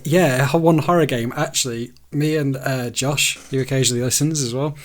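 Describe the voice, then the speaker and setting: A man's voice: medium pitch, steady tone, normal speed. A young man co-hosting a gaming podcast, rambling through stories in casual chat and laughing as he goes. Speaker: podcast co-host.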